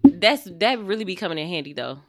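A woman, chatting casually as a podcast co-host and answering with quick affirmations and laughter. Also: on the low side, very animated, soft background music. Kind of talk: casual chat.

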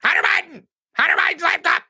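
A man putting on the voice of a ranting male online troll who yells the same phrases over and over. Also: fast talker, creaky, full character voice. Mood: yelling. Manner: yelling, shrill, repetitive.

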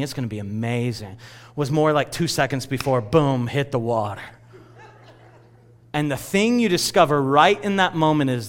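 Animated pastor telling a sermon story. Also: male voice, medium pitch, smooth. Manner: storytelling, animated and self-mocking.

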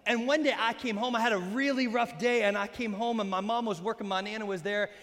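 High, bright-voiced energetic male preacher. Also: a little fast. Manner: energetic, joking, bursts into shouts. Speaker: pastor. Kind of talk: sermon. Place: church sanctuary during a baptism. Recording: echoey hall.

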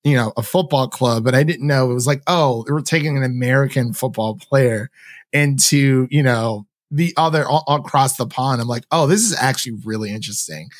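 Guy hosting a podcast, rambly and excited, says like a lot, mid voice, dry sound. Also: medium pitch, normal speed, no echo. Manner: rambling, enthusiastic, heavy use of "like". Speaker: podcast host. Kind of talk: casual chat.

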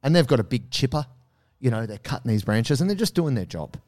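A man hosting a podcast, telling a story in a casual, animated way, swearing freely and acting out the quotes. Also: mid-range voice, quick pace. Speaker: podcast host.

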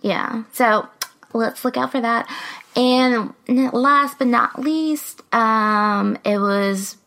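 Creaky-voiced woman co-hosting a chatty podcast. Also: fairly high pitch, slow, fairly bright tone. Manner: chatty, filler-heavy, giggly. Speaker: podcast co-host. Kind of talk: casual podcast chat.

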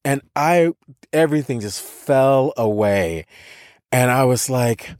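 A man's voice: medium pitch, sing-song, moderate pace, darkish tone, no echo, studio quality. A man with an American accent, a podcast co-host telling a personal story in casual conversation, emphatic, with many restarts and repeated words. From United States.

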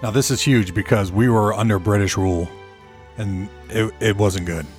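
Over soft background music, an American podcast host rambles in a lowish voice at a moderate pace, swearing casually and repeating himself often.

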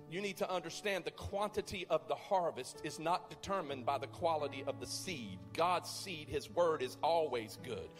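A man with a fairly high voice preaches a sermon in a church sanctuary. His words ring out with a long hall reverb while soft music plays underneath. He reads scripture aloud and then explains it, swelling at times into loud, impassioned preaching. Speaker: pastor.

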